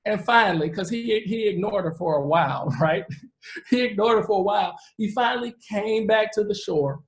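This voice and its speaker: A man in his forties, a real estate investor, giving a live presentation and telling stories in an earnest, animated way. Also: sits high, moderate pace. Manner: earnest, animated storyteller who acts out the people he quotes. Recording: roomy echo.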